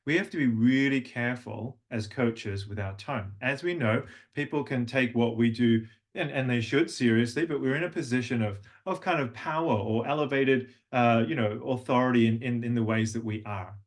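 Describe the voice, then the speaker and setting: An Australian voice and language coach gives an online workshop lecture, demonstrating humming and vocal tones. His mid-range voice moves at normal speed with few pauses, and he's chatty, often restarting sentences.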